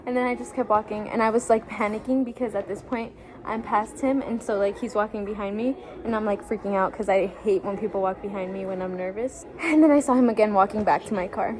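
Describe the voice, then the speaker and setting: A woman's voice: mid-range voice, steady tone, quick pace, a crowd in the background. A young woman telling a story in casual chat, full of fillers and acted-out quotes. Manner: chatty, lots of "like", acts out quotes. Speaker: vlog co-host.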